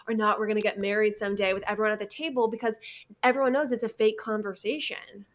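A woman's voice: medium pitch, fairly even intonation, quick pace. A woman co-hosting a podcast in casual chat, blunt and opinionated, rambling as she goes.

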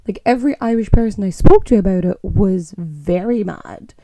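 A woman's voice: mid-range voice, fairly quick, hardly any pauses, dark tone, dry recording. A young woman with a Scottish accent, hosting a podcast in a casual, opinionated monologue and rolling her R's. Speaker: podcast host.

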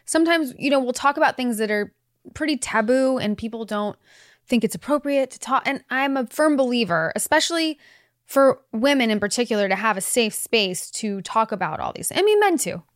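A woman's voice: fairly high pitch, expressive, brisk, no echo, studio quality. A woman in her forties chatting candidly as a podcast guest, laughing often and swearing casually. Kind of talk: casual chat.

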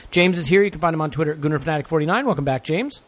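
A man co-hosts a football podcast, talking in a playful, energetic, jokey way. His voice sits fairly high for a man, and the sound is dry and close. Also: racing, dry recording. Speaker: podcast co-host. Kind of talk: casual chat.

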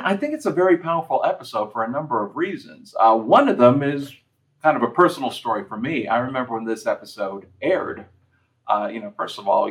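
A man with a somewhat low voice talks casually about an old TV episode. He tells personal anecdotes in a reflective, conversational way, like a host reviewing a show for his audience. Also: low-quality recording. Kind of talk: casual commentary.

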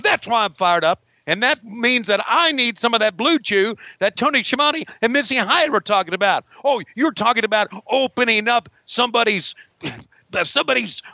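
A man's voice: extremely high pitch, animated, moderate pace, gravelly, pushed and bright, no echo, lo-fi sound, voice pushed up, exaggerated voice. A man putting on the voice of a frustrated veteran wrestler, rambling and swearing in a mock-angry rant. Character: frustrated veteran male wrestler ranting backstage.

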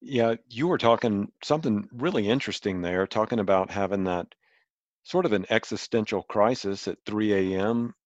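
A man interviewing a guest, asking measured, thoughtful questions. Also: lowish voice, dry recording, highs cut off.

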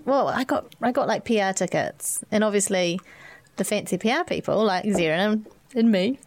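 A woman with a New Zealand accent, co-hosting a podcast and telling stories in an animated, chatty way. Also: medium pitch, normal speed. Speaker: podcast co-host. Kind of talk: casual chat.

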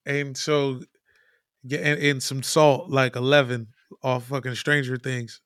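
A man telling a story in casual chat, animated, swearing and mimicking people. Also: medium pitch, a little slow, no echo, studio quality.

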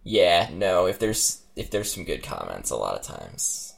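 Animated man with a gravelly voice. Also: low-pitched, measured pace. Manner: laughing, animated reader. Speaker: podcast co-host reading an interactive story. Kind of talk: casual chat and story reading.

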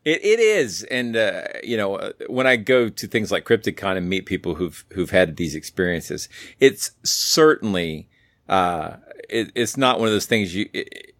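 A man with a lowish voice hosts a podcast interview. He chats eagerly, often restarting his sentences and laughing along. The recording is dry and close. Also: lively intonation, a little slow, a bit bright, dry recording. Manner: enthusiastic, chatty, many restarts and laughs. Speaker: podcast host. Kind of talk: casual interview chat.

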